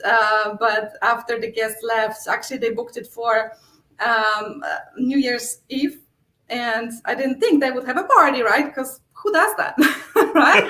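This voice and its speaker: This middle-aged woman from Poland, a real estate investor with a Polish accent, has a high, sharp-toned voice with slight background noise. Guesting in a casual interview in an echoey room, she acts out what she said in her stories and laughs a lot.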